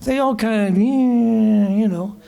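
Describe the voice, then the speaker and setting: A Canadian guest musician at a small live music venue tells stories in conversation, his voice sitting high and moving at a moderate pace. He's animated, laughing as he acts out the voices of the people in his anecdotes.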